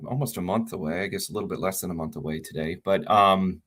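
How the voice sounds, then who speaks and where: Man, brewer guest, relaxed friendly chat, lowish pitch. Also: quick pace. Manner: relaxed, friendly, many fillers. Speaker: head brewer and brewery co-owner. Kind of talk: casual interview chat.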